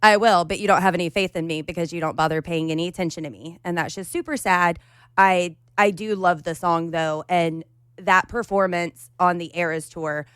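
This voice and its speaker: Animated woman on a podcast. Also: lowish voice, moderate pace, clean tone, no echo, clean studio sound. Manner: animated, emphatic. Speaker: podcast co-host. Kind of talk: casual podcast chat.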